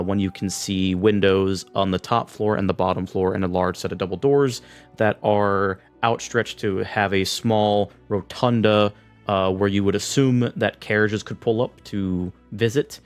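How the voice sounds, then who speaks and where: A man running a tabletop game, describing scenes in a loose, meandering way. His voice is low, with faint music playing under the narration. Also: steady tone, a little slow. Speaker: game master.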